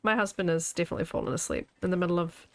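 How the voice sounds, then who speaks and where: A woman's voice: fairly low pitch, fairly even intonation, very fast, vocal fry, dry recording. A woman game streamer chatting casually with her viewers as she plays, playful and laughing often. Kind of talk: casual chat while playing a video game.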